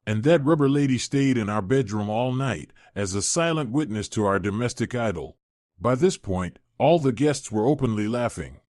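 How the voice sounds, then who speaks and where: A man reading a scripted story in a steady narrating manner. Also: mid-range voice, moderate pace, no room sound, studio quality.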